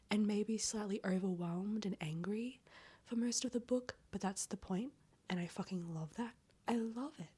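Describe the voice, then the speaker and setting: A woman in a casual book-review vlog, talking in a breathy, near-whispered, slightly hoarse voice, chatty and rambling with casual swearing. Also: medium pitch, a little mellow. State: hoarse, voice cracking. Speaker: book vlogger.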